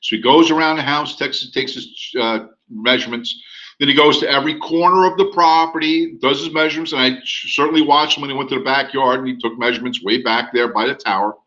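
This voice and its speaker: With a mid-range voice and a fairly quick delivery, a man shares a real estate anecdote as a storytelling lecture, animatedly playing out the conversations. The recording's highs are cut off.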